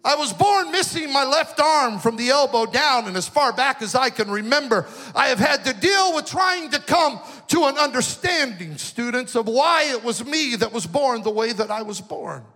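A pastor from the western United States preaches a storytelling sermon, sharing a personal, emotional story with sing-song swells. His voice is very high, expressive, bright and pushed, at normal speed with few pauses, and the recording carries a long hall reverb.

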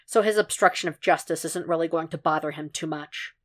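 A woman voicing a weary, calm and stubborn male profiler who speaks in a low, dry, level way. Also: a little fast.

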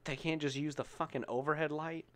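A man's voice: a little high, a little fast. A man chatting casually on a podcast, telling stories with lots of swearing and laughter. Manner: profane, animated storytelling with bursts of laughter.

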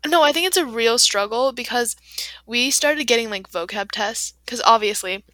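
A woman's voice: a little high, moderate pace, pushed and bright, no room sound. A teenage girl co-hosting a podcast, talking casually and chattily with lots of "like" and frequent laughter. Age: teens. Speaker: podcast co-host. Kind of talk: casual chat.

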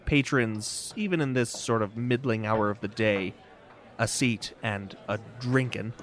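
A man's voice: lowish voice, measured pace, fairly bright tone. Man casually narrating as game master. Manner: casual, rambling, with fillers and laughs.

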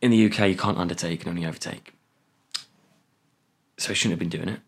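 Young male podcast co-host, lowish voice, casual, acts out other people in stories. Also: fast talker, vocal fry. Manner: animated storytelling, acts out other voices, laughs often. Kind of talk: casual chat.

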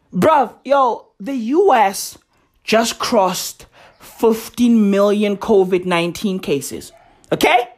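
A man, ranting loudly and mockingly, swearing and laughing as he talks. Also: very high voice. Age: 20s. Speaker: comedic ranter. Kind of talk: profane comedic rant. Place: outdoors in a lively neighborhood.

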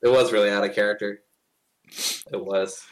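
Low-voiced man thinking out loud. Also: steady tone, moderate pace, poor audio. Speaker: podcast guest, player. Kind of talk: casual chat.

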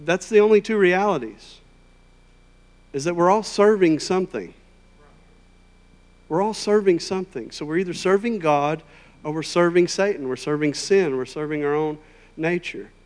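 A man preaching a sermon in a conversational, emphatic way, rising to loud, high peaks. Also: moderate pace, pauses often. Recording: long hall reverb.

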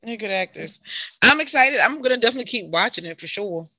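A woman chatting casually as a co-host, animated and laughing often. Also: on the high side, fast talker. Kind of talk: casual chat.

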